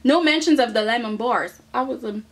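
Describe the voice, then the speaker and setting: A woman's voice: on the high side, moderate pace, a little hiss or hum. A woman casually recapping a soap opera episode, sassy and chatty, with mock voices for the characters.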